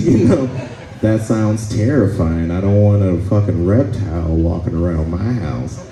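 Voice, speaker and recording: A man's voice: low voice, animated, measured pace, mellow. A man performing a profane, rambling stand-up comedy set, telling stories and acting out the other people in them, on a club stage with a handheld mic. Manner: profane, rambling storytelling with acted asides. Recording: roomy club sound, faint ambience.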